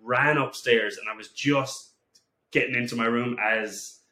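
Bright-voiced man telling rambling stories. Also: mid-range voice, steady tone, a little slow. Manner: swears a lot, rambling anecdotes with restarts. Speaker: podcast guest. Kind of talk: casual storytelling. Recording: echoey room with faint noise.

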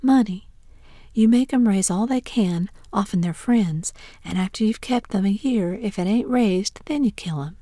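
A breathy, hushed whispered role-play of a bold, bossy boy, as a woman reads him, eager and full of schemes. The voice is mellow and soft, close and dry with no room around it. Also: medium pitch, normal speed, no echo, natural voice.

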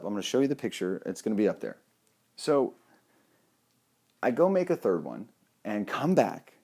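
Low-voiced animated man telling a story. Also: normal speed, pauses often, breathy edge. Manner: animated, joking, swears casually. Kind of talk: casual storytime monologue.

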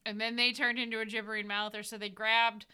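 An American woman with a fairly high, clear, resonant voice speaks a little fast, with a flat delivery and a sharp tone. She's a dungeon master and podcast host chatting casually and reflectively in a rambling way, laughing often and using lots of "like" fillers.

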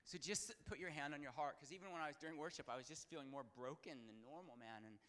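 A man preaching a sermon with personal stories, in a casual, slangy way, swinging from calm talk to shouting. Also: a little high, fast talker, slight background noise.

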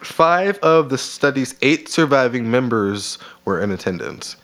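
A man co-hosting a casual podcast, reading researched notes and long quotes at a steady pace. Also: mid-range voice, unhurried. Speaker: podcast co-host.

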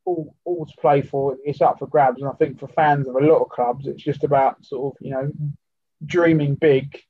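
A man's voice: medium pitch, fairly even intonation, normal speed, breathy edge, dry recording, lo-fi sound. A man talking as a podcast guest in casual football chat, rambling and leaning on fillers and restarts.

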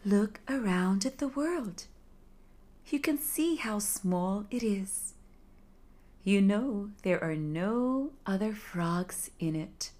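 A woman voicing a proud little male frog who lives in a well, speaking softly and earnestly in a bedtime story. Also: mid-range voice, lively intonation, slow. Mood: wistful.

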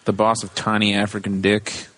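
A man's voice: fairly low pitch, completely flat delivery, normal speed, fairly bright tone. A man co-hosting a card game podcast in casual chat, joking, teasing and swearing freely.

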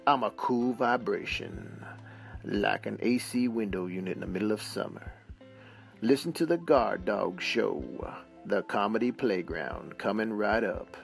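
A man doing a gravelly cool-cat announcer. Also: on the low side, animated. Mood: laid-back. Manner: slow, laid-back delivery. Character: smooth-talking cool male radio announcer. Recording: distant voice over guitar music.

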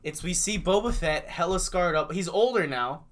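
Laid-back young man, slightly high voice. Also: lively intonation, moderate pace, fairly bright tone. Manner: laid-back, rambling fan talk. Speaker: podcast host. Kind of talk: casual chat.

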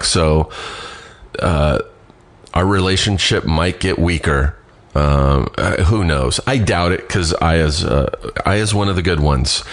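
A man with a very low, deep voice hosts a podcast in casual chat. He rambles and pokes fun at himself in a scatterbrained way. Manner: rambling, self-deprecating, scatterbrained. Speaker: podcast host.

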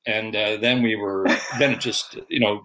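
A man's voice: on the low side, steady tone, moderate pace, sharp tone, poor audio. Older man telling rambling stories. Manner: rambling, self-deprecating, quoting others. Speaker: guest, veteran hockey broadcaster. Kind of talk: casual storytelling.

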